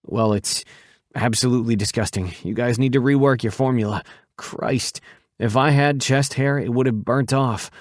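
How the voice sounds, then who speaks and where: A man's voice: medium pitch, normal speed, dry recording, clean studio sound, natural voice. A man voicing a blunt, feisty young woman who exclaims in exasperation, in an audiobook. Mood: exasperated.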